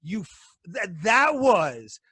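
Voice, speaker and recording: A man's voice: high-pitched, sing-song, takes it slowly, pushed and bright, breathy edge, dry recording. A man co-hosting a podcast, delivering an angry, profanity-heavy rant over a video call. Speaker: podcast co-host. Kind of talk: casual podcast chat.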